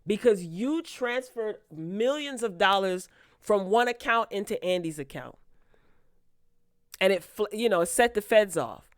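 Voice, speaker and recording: A woman recapping a TV episode in a loose, chatty way, her voice sitting at an ordinary middle pitch. She keeps breaking off into incredulous, exasperated asides. The sound is close and dry, with no room around it. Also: animated, measured pace, no echo. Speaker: TV recap vlogger.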